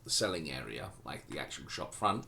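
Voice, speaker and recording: A man's voice: very deep voice, very animated, a little fast, creaky, pushed and bright, a little hiss or hum. A man running a tabletop game as game master, narrating loosely with frequent ums and restarts.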